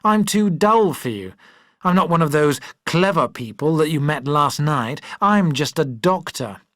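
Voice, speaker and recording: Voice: mid-range voice, expressive, unhurried, a bit bright, no echo. A proud, jealous young doctor from an old novel, speaking in clipped, bitter lines, as an audiobook reader acts him out. The voice swings up and down freely and sits dry and close. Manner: clipped and bitter, then pleading. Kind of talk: audiobook character voice.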